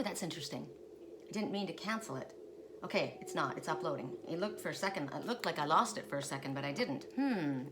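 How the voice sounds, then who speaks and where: Woman card reader, casual and rambling, home recording with clear background noise. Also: low-pitched. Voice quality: rambling, chatty, with frequent restarts. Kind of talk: casual spiritual card reading.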